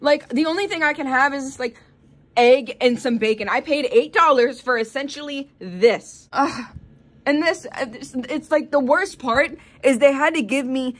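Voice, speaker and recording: A young woman with a fairly high voice talks straight to the camera in a casual vlog. She rants with heavy swearing and swings from low mumbling to loud, exasperated shrieks. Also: normal speed. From Tampa area, Florida. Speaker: vlogger.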